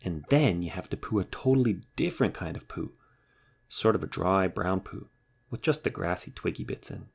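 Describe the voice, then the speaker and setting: A man's voice: deep voice, lively intonation, normal speed, vocal fry, breathy edge, exaggerated voice. A man voicing a grumpy, indignant male rabbit in a storybook reading. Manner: sulky, exclaiming, indignant. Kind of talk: storybook character voice.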